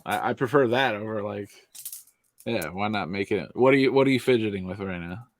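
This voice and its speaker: A man's voice: lowish voice, fairly quick. A man chatting casually as a podcast guest, easygoing and agreeable, laughing often. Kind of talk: casual chat.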